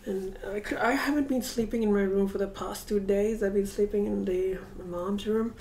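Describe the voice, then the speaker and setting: A woman's voice: mid-range voice, fairly even intonation, moderate pace, dark tone, a little hiss or hum. A woman talking casually to a camera set up across a room at home, reflective and rambling, with many hesitations. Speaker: vlogger. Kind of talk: casual vlog monologue.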